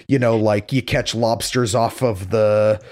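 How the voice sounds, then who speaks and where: A man's voice: lowish voice, fairly even intonation, measured pace, darkish tone. A man from Massachusetts chatting casually. He rambles and leans on "like", with casual swearing. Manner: rambling, filler-heavy, casually profane. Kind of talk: casual chat.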